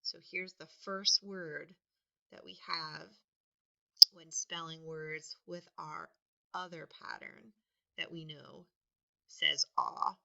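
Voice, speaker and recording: A woman teaching a spelling lesson, patiently sounding words out and stressing each one loudly. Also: deep voice, steady tone, slow pace, vocal fry, long pauses. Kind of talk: slow, deliberate spelling lesson. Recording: dull lo-fi recording.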